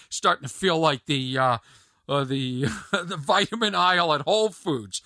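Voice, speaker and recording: A man's voice: on the high side, expressive, unhurried, pushed and bright, dry recording, clean studio sound. A man hosting a comedic solo podcast, ranting animatedly and mimicking others in asides. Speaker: podcast host. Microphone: podcast mic on video.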